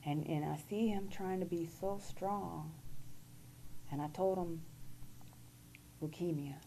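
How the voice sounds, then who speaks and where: A woman guest giving an earnest, halting personal testimony. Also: fairly low pitch, fairly even intonation, creaky, dark tone, slight background noise, low-quality recording.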